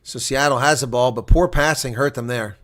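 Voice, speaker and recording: A man's voice: medium pitch, fairly quick, fairly bright tone. A tired man hosting live play-by-play reaction commentary on a rugby match, chatting to his viewers between calls.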